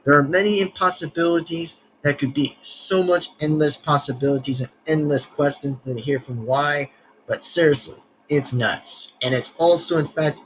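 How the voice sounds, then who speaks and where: A man's voice: on the high side, a little hiss or hum, low-quality recording. A man hosting a reaction video, rambling and searching for words as he comments casually.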